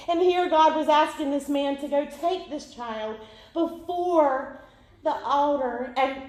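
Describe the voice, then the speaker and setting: A woman, preaching a sermon as emotional, earnest testimony. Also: sits high. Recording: echoey room.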